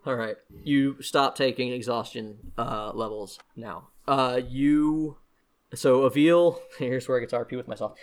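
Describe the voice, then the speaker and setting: A man with a medium-pitched voice, fairly even intonation, and a measured pace narrates as game master of a tabletop game. He's hesitant, full of fillers, frequently stopping and restarting.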